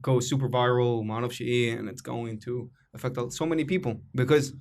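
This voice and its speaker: A man's voice: medium pitch, steady tone, rapid-fire, a little mellow. A young Egyptian man hosting a podcast, talking in an emotional, rambling way with restarts. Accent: Egyptian Arabic. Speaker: podcast host and comedian. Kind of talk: casual podcast conversation.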